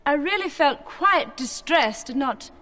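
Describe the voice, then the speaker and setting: An actress in a film playing a regal, spiteful dark fairy with an old-fashioned posh English accent. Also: female voice, high-pitched, lively intonation, a little slow, soft background music, full character voice. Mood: icy. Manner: icy, drawling, mocking.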